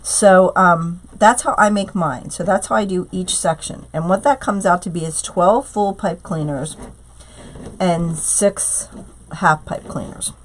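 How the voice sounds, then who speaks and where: A middle-aged woman with a hoarse voice from a cold, chatting through a live craft tutorial and greeting viewers by name. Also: fairly low pitch, unhurried, slight background noise. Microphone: tablet streaming live.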